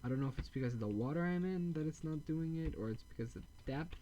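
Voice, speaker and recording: A man giving casual gameplay commentary, rambling and correcting himself, with deadpan dark jokes. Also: fairly high pitch, fast talker, muffled recording, heavy background noise. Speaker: gameplay video host.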